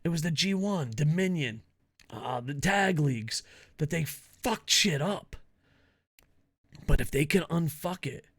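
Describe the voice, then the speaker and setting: A man hosting his own wrestling commentary show, ranting casually with lots of swearing, laughter and excitable asides. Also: a little high, measured pace, pauses often, husky. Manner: profane, excitable, laughs a lot. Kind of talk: casual opinion rant.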